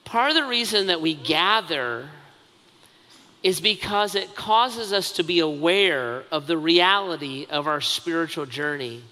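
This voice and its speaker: A man with a high, sharply bright voice preaches a sermon in a big hall with a long reverb tail. He talks in a conversational, self-mocking way and keeps adding asides. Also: lively intonation, measured pace. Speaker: pastor.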